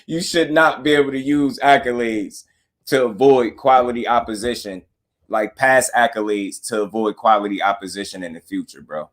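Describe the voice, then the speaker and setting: Slangy, animated man hosting a boxing stream. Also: mid-range voice, normal speed. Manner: animated, slangy and repetitive, addressing chat. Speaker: boxing talk show host. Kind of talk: live-stream commentary.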